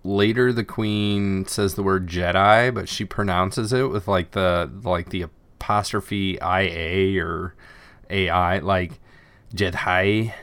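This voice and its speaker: A man co-hosting a casual podcast chat, acting out scenes in quick put-on voices. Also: low voice, fairly even intonation, fairly bright tone, clean tone, no echo. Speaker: podcast co-host.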